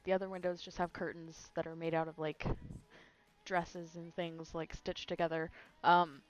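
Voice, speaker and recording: A woman's voice: lowish voice, flat delivery, moderate pace, dull audio. A woman narrating as game master of a live-streamed tabletop game, chatty with frequent fillers. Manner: chatty, uses many fillers.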